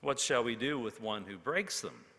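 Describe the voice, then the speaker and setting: A man playing a calm young country schoolteacher who speaks in a plain, homespun way. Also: mid-range voice, moderate pace, in a large hall.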